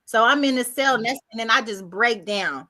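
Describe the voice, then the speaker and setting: A woman guest on a video-call podcast, telling her life story in a casual, animated way and acting out other people's words. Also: a little high, moderate pace.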